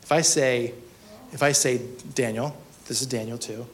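A man, a pastor, preaching a sermon at a church service in a conversational, animated way, often asking the congregation questions. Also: mid-range voice, normal speed, slight background noise.

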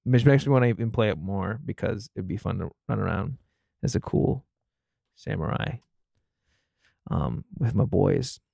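A man's voice: lowish voice, normal speed, gravelly, dark tone, no echo. Chatty young man, dry close mic. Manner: chatty, many fillers and restarts. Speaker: podcast co-host reading news. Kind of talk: casual gaming podcast chat.

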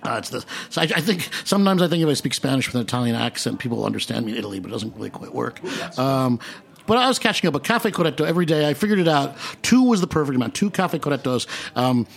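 A man's voice: medium pitch, vocal fry, breathy edge. A man hosting a radio show, telling travel stories in casual, joking chat. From New York. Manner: animated storyteller, fast, joking. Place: radio studio.

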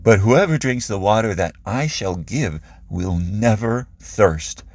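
A man speaking as solemn Jesus, low and husky. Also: expressive, exaggerated voice. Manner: solemn, measured. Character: Jesus, calm male teacher speaking solemnly.

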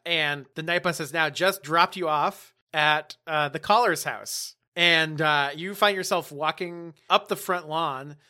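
A man running a tabletop game as game master, narrating in a relaxed, chatty way. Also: fairly high pitch, measured pace, hardly any pauses.

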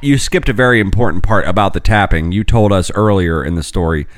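A man's voice: low voice, brisk, no echo, studio quality. A man hosting a casual podcast chat, joking and teasing with a profane streak. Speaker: podcast host.

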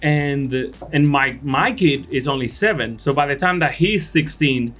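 Animated man with a thick accent. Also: mid-range voice, measured pace, faint music behind. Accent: Spanish-speaking. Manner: animated storyteller, acts out voices, frequent restarts. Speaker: guest product designer. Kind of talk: casual podcast chat.

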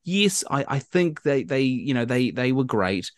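A man co-hosting a casual podcast, talking with loose, rambling sentences and animated pitch jumps when he quotes people. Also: unhurried, no echo, studio quality. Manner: many fillers and restarts, rambling. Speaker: podcast co-host.

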